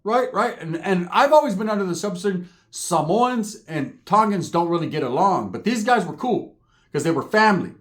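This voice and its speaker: A man telling a profane comic story, animated and acting out characters, with frequent "right?" tags. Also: high-pitched, normal speed.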